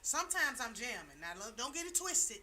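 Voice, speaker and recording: A woman's voice: on the high side, sing-song, a little fast, sharp tone, a little hiss or hum. A middle-aged woman talking on a chat show, telling her story emphatically and repeating her key lines like a preacher. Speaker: talk show panelist. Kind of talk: casual chat.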